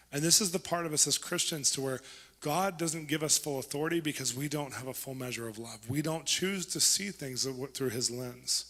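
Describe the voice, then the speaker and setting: A man preaching a sermon, telling stories and acting out the people in them with lively energy. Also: a little high, big-room sound. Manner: animated, acts out quoted voices. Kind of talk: sermon with storytelling.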